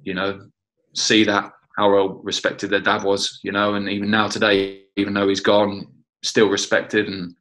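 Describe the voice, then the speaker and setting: Brief: low-voiced man with a forceful, bright edge, chatty teammate reminiscing in an interview. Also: monotone, moderate pace, low-quality recording. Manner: chatty, fills with "you know" and "like that, like". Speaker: former teammate.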